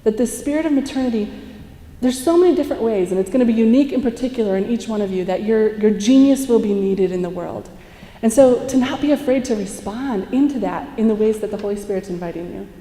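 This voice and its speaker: A young woman speaks to a conference crowd, her voice mellow and soft-edged. She tells lively stories, acts out the quotes and laughs often. The sound rings through a large echoey hall. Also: a little high, fast talker. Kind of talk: inspirational talk to a live audience. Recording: echoey hall, heard from a distance.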